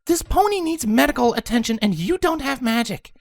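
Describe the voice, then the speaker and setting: Man playing a commanding young mare, female, high voice, firm and authoritative, dry close sound, storybook reading. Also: expressive, a little fast, vocal fry, no room sound, full character voice.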